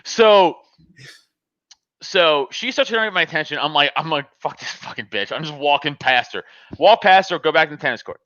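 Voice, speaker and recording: Telling a story on a podcast, this man is animated and laughs a lot, voicing both people in the argument and swearing freely. He speaks at a moderate pace in a fairly high voice, with no echo and lo-fi sound.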